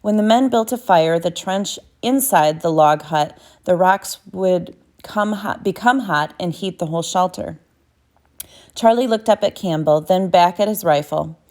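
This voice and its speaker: A woman's voice: on the low side, unhurried, darkish tone. A woman narrating a novel as an audiobook, reading steadily with small self-corrections.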